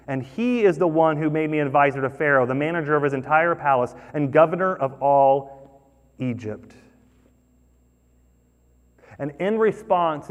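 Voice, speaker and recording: Pastor, male, lively sermon delivery with acted-out lines, in a reverberant hall. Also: on the high side. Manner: animated, acts out characters' voices.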